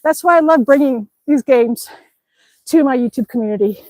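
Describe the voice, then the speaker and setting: A chatty woman with a high, bright voice streams live from outside in the snow, reading viewers' comments aloud and laughing often. She sounds a little winded from exercise, and the sound is close and dry. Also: normal speed, dry recording, rough recording. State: slightly out of breath from exercising outdoors. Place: outdoors in the snow.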